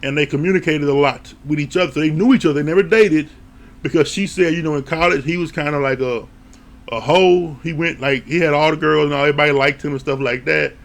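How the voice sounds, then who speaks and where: A man giving a casual recap of a TV show, animated and laughing often, with casual swearing. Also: on the high side, quick pace, vocal fry. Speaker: TV show reviewer.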